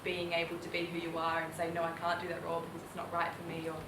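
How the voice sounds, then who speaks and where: A woman's voice: lowish voice, completely flat delivery, very fast. Hesitant woman asking questions, noisy hall. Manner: hesitant, full of fillers and hedges.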